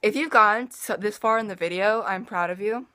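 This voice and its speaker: A woman's voice: mid-range voice, brisk, bright, forceful tone. A teenage girl talking straight to her camera in a loose, rambling vlog. She drifts through her story with sighs, restarts and little asides, in an easy, everyday voice. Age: teens. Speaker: vlogger. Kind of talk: casual personal vlog.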